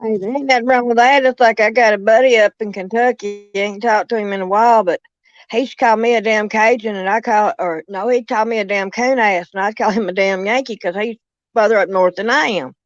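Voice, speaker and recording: A woman's voice: medium pitch, fairly even intonation, brisk, no echo. A woman with a Southern US accent in a casual chat, drawling and calling people honey and darling. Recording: dry, muffled lo-fi sound.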